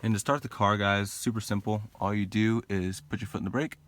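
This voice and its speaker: A man's voice: lowish voice, a little fast. A young man casually walking viewers through a car's interior, chatty and loose with lots of filler words. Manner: relaxed, chatty, many fillers like "like" and "you know". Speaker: car reviewer. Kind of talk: casual product walkthrough. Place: inside a car.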